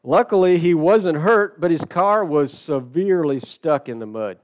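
Preaching man with a smooth voice. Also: on the high side, expressive. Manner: storytelling with dramatic shifts in loudness and slow emphatic phrasing. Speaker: pastor. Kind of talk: sermon.

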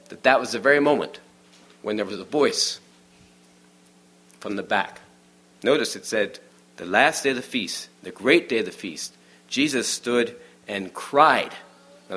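A man giving a sermon in a conversational, storytelling way, often dropping to a hush for the quiet moments. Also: medium pitch. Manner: many restarts and fillers, informal aside. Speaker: preacher.

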